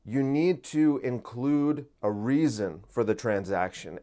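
A man's voice: mid-range voice, a little mellow. Laid-back man hosting a podcast. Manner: laid-back, rambling, swears casually. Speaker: podcast host. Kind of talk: casual monologue intro.

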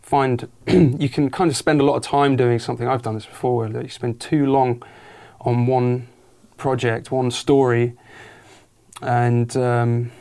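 A man's voice: medium pitch, little pitch movement, a little slow, mellow. A man interviewing a guest in a casual podcast chat, rambling and correcting himself as he goes. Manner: rambling, self-correcting, lots of fillers.

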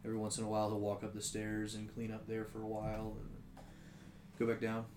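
A man narrating as game master of a tabletop game, in a casual, low-key way. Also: completely flat delivery, fairly quick, noisy background. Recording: roomy echo, music behind.

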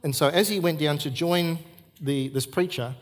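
This pastor, a middle-aged man, speaks at an ordinary pace in a voice that sits on the high side. Preaching at a church service, he relates his message with earnest storytelling and hammers home important points by repeating them.

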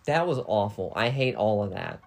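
A woman with a strikingly low voice plays through a horror game, swearing freely and getting loud when panicked. Her delivery is lively, and her pitch swings widely from line to line. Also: moderate pace. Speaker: game player. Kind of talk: casual let's-play chat.

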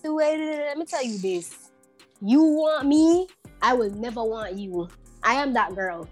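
A woman's voice: high voice, expressive, measured pace, faint music behind. A woman co-hosting a podcast, talking emphatically and bluntly in casual chat, mixing in patois. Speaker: podcast co-host.

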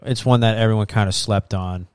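A man's voice: on the low side, fairly even intonation, brisk, a little mellow, clear, resonant tone, no room sound. A man co-hosting a podcast in a joking, rambling casual chat, laughing often. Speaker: podcast co-host.

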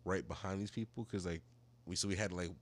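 A man co-hosting a podcast, telling a profane story in casual chat and acting out the people he quotes in higher voices. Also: steady tone, quick pace. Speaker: podcast co-host.

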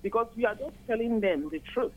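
An older woman from Nigeria with a Nigerian accent, calling in to a radio chat and explaining at length, earnest and steady. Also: a little high, fairly quick, phone-quality sound, slight background noise. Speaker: caller.

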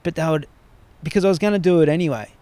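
A man's voice: a little high, very fast, warm tone, no room sound. An Australian man talking as a podcast guest, rambling through stories and swearing freely in casual conversation.

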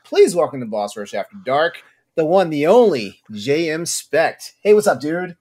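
A man with a fairly high voice hosts a casual podcast. He talks with easy energy and laughs often as he keeps the show moving. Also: sing-song, moderate pace, darkish tone. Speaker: podcast host.

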